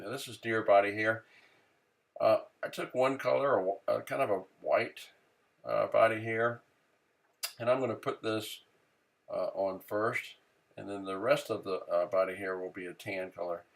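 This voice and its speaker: A man casually explaining fly tying step by step, relaxed and unhurried, often pausing on "uh" as he works. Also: low-pitched, vocal fry. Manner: relaxed, many "uh" fillers, thinking aloud while working. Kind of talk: casual how-to narration.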